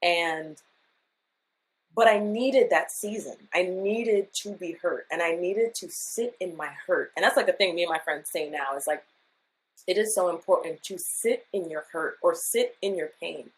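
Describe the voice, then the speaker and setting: Woman with a low voice, confessional. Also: measured pace, rough recording. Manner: emotional, confessional storytelling; acts out her past self in quotes. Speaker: podcast guest. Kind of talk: candid casual chat.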